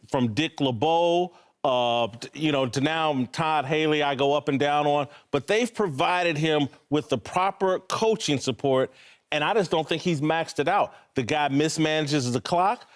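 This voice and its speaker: A man on a sports talk show giving firm, opinionated takes. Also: on the high side. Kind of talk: casual sports radio talk.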